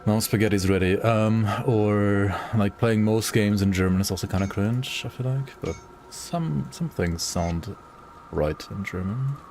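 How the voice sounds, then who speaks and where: A man's voice: lowish voice, unhurried, background noise. A young man chatting casually on a gaming livestream, rambling, swearing freely and laughing often. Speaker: gaming streamer.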